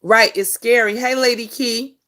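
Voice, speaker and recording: A woman's voice: fairly high pitch, steady tone, measured pace, sharp tone. A middle-aged woman hosting a casual live stream. She answers viewer comments in an emphatic, preachy way and repeats her points. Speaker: livestream host.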